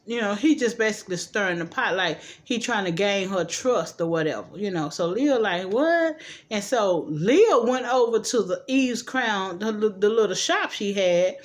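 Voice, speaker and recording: In a chatty, sassy recap of a TV episode, a woman with a medium-pitched, animated voice keeps things playful. She tosses in quick asides like "child" and "boo" and switches voices rapidly to act out the characters' lines.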